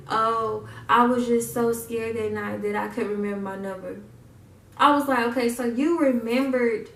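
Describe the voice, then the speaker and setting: A woman's voice: on the high side, gravelly, far from the mic, a little hiss or hum. A young woman telling a personal story, acting out what people said. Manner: animated retelling, acts out quotes. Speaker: vlogger. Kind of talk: casual storytime. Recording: echoey room, mic set back.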